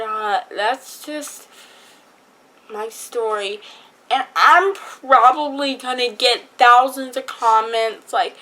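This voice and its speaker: Slow-talking teen girl vlogger. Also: fairly high pitch, sharp tone, low-quality recording. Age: teens. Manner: chatty, rambling, many fillers. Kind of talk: casual story time.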